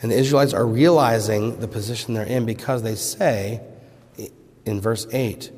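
A man preaching a sermon, pressing rhetorical questions and then dropping to hushed pleas. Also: fairly low pitch, normal speed, husky. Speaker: pastor. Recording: long reverb of a large hall.

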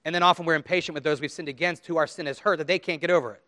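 Higher-voiced man preaching a sermon. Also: fairly even intonation, very fast, sharp tone, no echo, clean studio sound. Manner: conversational, acts out quoted inner voices. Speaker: pastor.

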